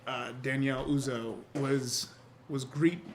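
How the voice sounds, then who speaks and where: A man's voice: mid-range voice, steady tone, takes it slowly, slight background noise. A man acting as game master, chatting casually and laughing often as he runs a tabletop role-playing game.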